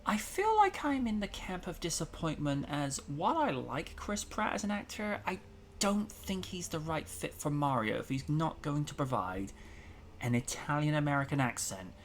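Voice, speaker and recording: A man's voice: on the high side, sing-song, normal speed, slight background noise. A man hosting a casual talk show, chatting in an opinionated, rambling way with plenty of fillers. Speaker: podcast host. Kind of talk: casual chat.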